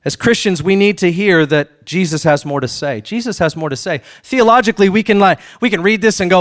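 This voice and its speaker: A male pastor delivering a sermon in a notably high voice. He preaches with animation, acting out little question-and-answer exchanges. He swings from loud emphatic peaks to soft, hushed asides. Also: fairly quick, hardly any pauses.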